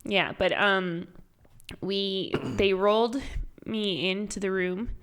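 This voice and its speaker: A woman's voice: medium pitch, steady tone, slow pace, a bit bright, clean tone. Chatty young woman telling a story. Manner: emotional, giggly storytelling full of "like". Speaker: podcast co-host. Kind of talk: casual chat, telling a birth story.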